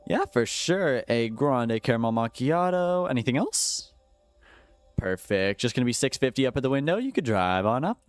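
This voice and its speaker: A man's voice: medium pitch, big pitch swings, moderate pace, dry recording, soft background music, close to an everyday voice. A man doing his cheerful customer-service voice as a young male drive-thru worker, upbeat and polite. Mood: chirpy.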